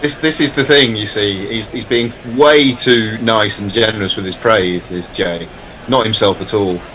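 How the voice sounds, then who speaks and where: A man giving chatty, measured ball-by-ball cricket commentary. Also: lowish voice, pushed and bright, slight background noise, rough recording. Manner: measured, chatty, self-deprecating.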